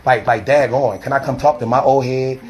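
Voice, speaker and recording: A man's voice: mid-range voice, fairly even intonation, brisk. A man, a street preacher, arguing on a phone camera in an agitated, rambling, defensive way and pleading with older women. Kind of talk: heated confrontation filmed on camera.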